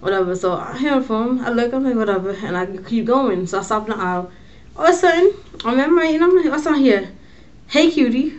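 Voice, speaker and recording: A woman's voice: on the high side, quick pace, dull audio. Slangy young woman telling a story. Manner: slangy, animated, swearing storyteller. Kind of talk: casual storytelling vlog.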